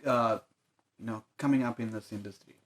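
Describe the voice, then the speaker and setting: A male host asking questions in a relaxed studio chat. His questions are friendly and loosely worded. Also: medium pitch, a little fast. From South Africa. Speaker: interview host. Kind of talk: casual interview questions.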